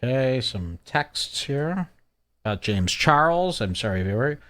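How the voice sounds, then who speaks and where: A man's voice: medium pitch, sing-song, a little slow, fairly bright tone. A man hosting a casual commentary show, reading posts aloud with sardonic asides and mocking quote voices. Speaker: show host.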